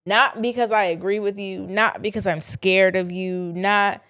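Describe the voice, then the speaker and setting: A woman's voice: medium pitch, steady tone, measured pace, fairly bright tone, clear, resonant tone. A young woman, talking candidly to her listeners in a casual solo podcast. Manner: candid, chatty, confiding with listeners. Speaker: podcast host.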